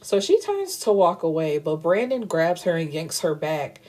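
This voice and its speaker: A woman's voice: lowish voice, very animated, normal speed, darkish tone. A woman hosting a book show, recapping a novel's plot in a casual, frank and slangy way. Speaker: book reviewer host.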